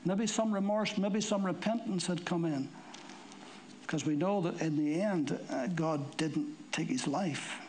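High-voiced emphatic male preacher. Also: unhurried, a little hiss or hum, low-quality recording. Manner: emphatic, climbing higher and louder when stirred. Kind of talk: sermon.

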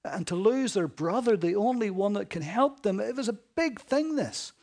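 Earnest preaching man, rather high voice. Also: lively intonation, normal speed. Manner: earnest, dramatic shifts between loud emphasis and soft hushed lines. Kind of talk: expository sermon.

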